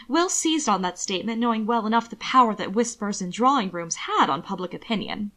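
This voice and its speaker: A woman narrates an audiobook in a steady, expressive storytelling voice. Her pitch sits in the middle range for a woman. She paces the prose evenly and lets the dialogue carry the color. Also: a little fast, few pauses. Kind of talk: scripted fiction narration.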